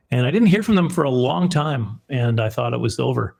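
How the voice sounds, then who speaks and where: Guy with a gravelly voice telling a self-deprecating story, keeps restarting sentences. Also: mid-range voice, lively intonation, fairly quick, few pauses, darkish tone. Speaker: film producer. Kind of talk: casual storytelling in an interview.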